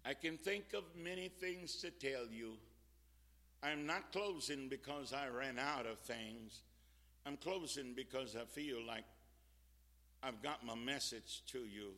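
A man preaching a fervent sermon as a visiting preacher, swinging from shouts to quiet talk. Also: medium pitch, slow pace, long reverb tail.

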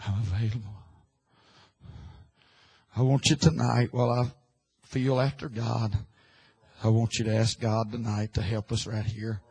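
Husky, impassioned male preacher. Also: mid-range voice, little pitch movement, normal speed, rough recording. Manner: impassioned, swings from hushed to shouting. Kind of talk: sermon.

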